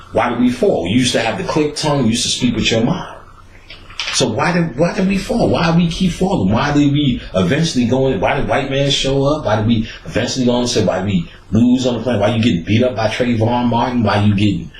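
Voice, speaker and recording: A man talks in a loose, profane rant, and his pitch swings widely as he drives his points home. He breaks into short laughs between thoughts. The room sounds echoey, with faint ambience behind him. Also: a little hiss or hum. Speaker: host. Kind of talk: casual ranting monologue. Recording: roomy echo, faint background ambience.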